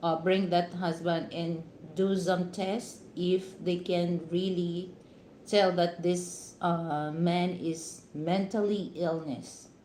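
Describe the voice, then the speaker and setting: Filipino-accented woman vlogger, slow and chatty, advising viewers, roomy echo. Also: lowish voice, little pitch movement, mellow, a little hiss or hum. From Philippines. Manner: advising, heavy "you know" fillers. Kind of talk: casual live-stream talk to viewers. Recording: echoey room.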